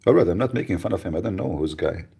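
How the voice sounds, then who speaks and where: A man hosting a live radio show, chatting casually with mocking, rambling, deadpan asides. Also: low voice, rapid-fire, creaky, breathy edge. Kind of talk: casual joking livestream chat.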